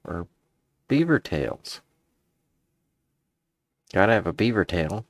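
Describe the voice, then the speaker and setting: A deep, gravelly man talks slowly in a loose, rambling way while he edits his videos. His pitch swings widely, and the sound is close and dry with no room around it. He grumbles to himself between thoughts. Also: sing-song, dry recording. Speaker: streamer. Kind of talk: casual commentary while editing video.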